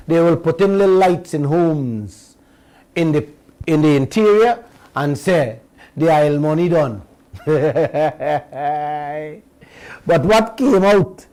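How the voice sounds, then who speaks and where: Slow, emphatic Guyanese radio host. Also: male voice, fairly high pitch, darkish tone, poor audio. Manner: folksy, emphatic, addresses listeners as uncle and auntie. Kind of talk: talk radio commentary.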